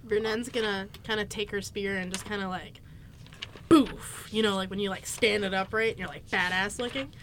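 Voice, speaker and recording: A woman playing a tabletop role-playing game, excitable and giggly. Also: medium pitch, normal speed, slight background noise. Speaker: player. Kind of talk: casual tabletop chat.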